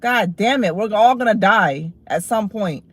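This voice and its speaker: A woman on a casual livestream, chatting while she eats, blunt and profane as she snaps back at her chat and then eases into relaxed talk about her food. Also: medium pitch, unhurried, dry recording.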